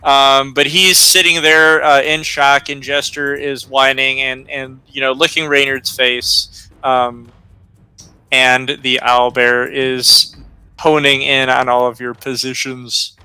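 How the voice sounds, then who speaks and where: Slow, bright-voiced game master man. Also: mid-range voice, level tone, smooth, no room sound, rough recording. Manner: slow, hesitant narration with many fillers. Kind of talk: narrating a tabletop game.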